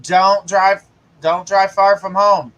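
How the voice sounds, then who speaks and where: Bright high-voiced man giving psychic readings. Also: flat delivery, takes it slowly, rough recording. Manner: casual, reassuring, gives direct advice. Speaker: psychic host. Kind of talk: live-stream psychic reading.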